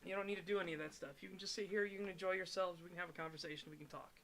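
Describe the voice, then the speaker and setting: A man co-hosting a casual podcast chat, animated and swearing, reading chat messages aloud. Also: high-pitched, very fast. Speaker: podcast co-host reading super chats.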